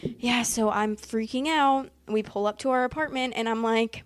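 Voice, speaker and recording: A woman's voice: fairly high pitch, normal speed, clean tone, dry recording. A woman telling a personal story in a casual, rambling way, packed with fillers and emotional asides. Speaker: vlogger.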